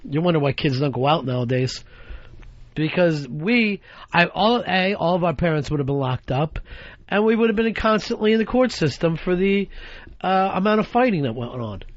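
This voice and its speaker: A man's voice: on the high side, animated, moderate pace, no echo, muffled recording. A man hosting a radio talk show, telling crude, rambling stories and acting out voices. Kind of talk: profane comedic talk radio banter.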